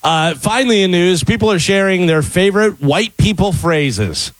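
Lively male co-host, dry sound. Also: high-pitched, normal speed, dry recording, rough recording. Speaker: radio co-host. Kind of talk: casual radio banter.

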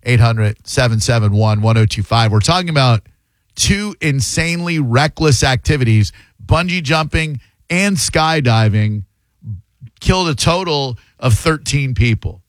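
A man's voice: mid-range voice, lively intonation, unhurried, dry recording. A man hosting a call-in radio show, talking casually with brash, joking bursts. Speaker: radio talk show host.

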